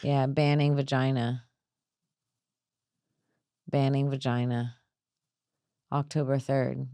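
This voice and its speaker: A woman's voice: very deep voice, little pitch movement, slow, dark tone, dry recording. A woman comedian hosting a casual podcast, brash and rambling, often laughing at her own jokes.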